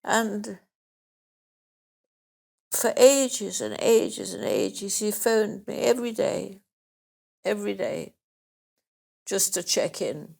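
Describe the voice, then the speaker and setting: A woman's voice: mid-range voice, sing-song, slow pace, vocal fry, pauses often, darkish tone. An older woman guest, emotional and close to tears, telling life stories and acting out the voices of people she quotes. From England. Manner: anecdotal, acts out quoted voices. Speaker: interview guest. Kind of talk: emotional life-story chat.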